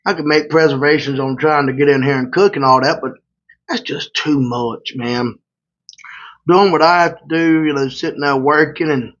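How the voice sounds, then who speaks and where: A trucker talks loose and colloquial as he eats and rambles into a story, his voice sitting a bit high for a man. The audio is slightly muffled and lo-fi. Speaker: truck driver and vlogger. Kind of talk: casual storytelling while eating. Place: hotel room.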